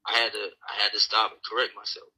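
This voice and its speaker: A man's voice: lowish voice, completely flat delivery, fast talker, sharp tone, slightly rough, poor audio. A man on a live stream call arguing bluntly with his partner in a lecturing tone. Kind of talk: blunt heated argument.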